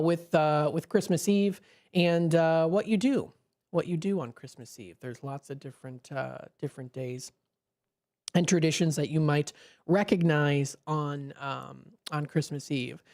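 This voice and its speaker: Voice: medium pitch, darkish tone. A radio host, chatting on a live call-in show from a studio microphone, rambling with many fillers and restarts.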